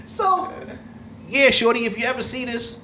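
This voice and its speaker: A man hosting a casual chat, telling a long story in a loud, profane, laughing way. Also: very high voice, expressive, normal speed. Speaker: host. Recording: echoey room, mic far off, faint noise.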